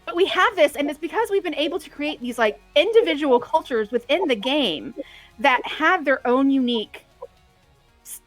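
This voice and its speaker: Woman co-host, high voice, dry close mic, rambling chatty storyteller. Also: expressive, moderate pace, no echo, soft background music. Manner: rambling, tangent-prone storytelling. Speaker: podcast co-host. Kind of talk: casual chat.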